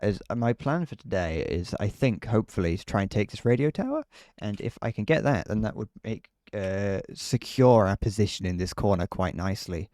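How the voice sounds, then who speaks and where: British guy streaming, kinda low voice, rambly and laughy, dry close mic. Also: lively intonation, brisk, a little mellow, dry recording. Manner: rambling, laughs often, frequent restarts. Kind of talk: casual live-stream chat while gaming.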